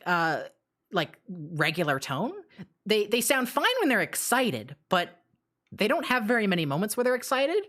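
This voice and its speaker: A woman's voice: medium pitch, sing-song, normal speed, a bit bright. A woman streaming live and chatting casually while reading chat, rambling and blunt. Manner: rambling, many fillers and restarts, blunt.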